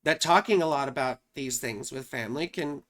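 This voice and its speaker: A woman's voice: rumbling low, fairly quick. A woman astrologer explaining horoscopes in a loose, chatty way, often saying "you know" and "right?".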